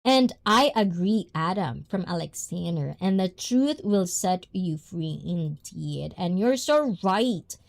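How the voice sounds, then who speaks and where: A woman's voice: fairly low pitch, expressive, takes it slowly, vocal fry, few pauses. A woman livestream host, not a native English speaker, talking bluntly and reading viewer comments aloud. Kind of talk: casual talk with chat.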